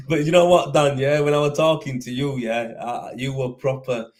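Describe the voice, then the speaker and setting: A man's voice: a little high, a bit bright. A man with a Yorkshire accent, hosting a casual chat show, full of banter, slang and frequent laughter. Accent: Yorkshire English. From Yorkshire, England. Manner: banter-heavy, laughing often, slang and swearing. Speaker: host.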